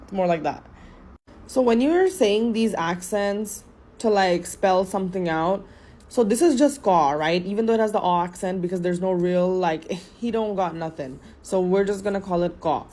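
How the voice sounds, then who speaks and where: A woman's voice: medium pitch, normal speed, mellow. A young woman giving a casual, playful lesson, joking and swearing as she writes letters for her phone camera. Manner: playful, swearing, switching between English and Bangla. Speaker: language teacher.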